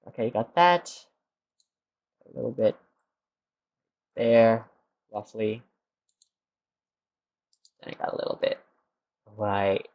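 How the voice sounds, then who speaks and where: A man's voice: lowish voice, highs cut off. A tired young man streaming live from his computer, rambling to himself and answering chat questions in a casual, muttering way. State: tired, yawning.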